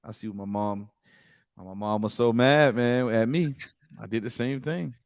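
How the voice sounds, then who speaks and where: Over a clean, echo-free studio sound, a podcast co-host with a Southern US accent swaps stories and laughs in relaxed chat. His medium-pitched voice moves at a moderate pace.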